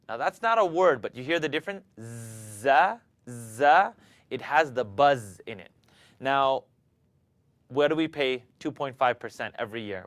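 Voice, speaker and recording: A man teaching Quran recitation, calmly demonstrating letter sounds and asking students to repeat after him. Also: medium pitch, no room sound. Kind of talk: pronunciation lesson.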